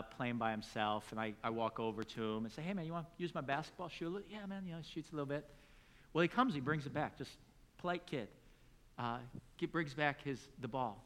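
Bright-voiced man preaching a sermon. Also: medium pitch, clear, resonant tone. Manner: storytelling, acts out dialogue, rises to loud emphatic peaks. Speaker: pastor.

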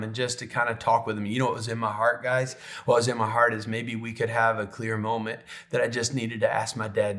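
A middle-aged man, a pastor, telling a personal story in a sermon, emotional and often dropping to a soft, hushed voice. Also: on the low side.

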